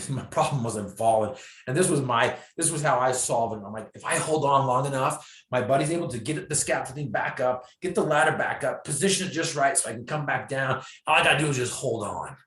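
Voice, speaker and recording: A man's voice: fairly quick, few pauses. A man, a guest speaker, telling a personal story in an interview with self-deprecating humor, acting out the lines of the people in it. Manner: animated storyteller, acts out his own and others' lines with bursts of pitch and volume. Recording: echoey room.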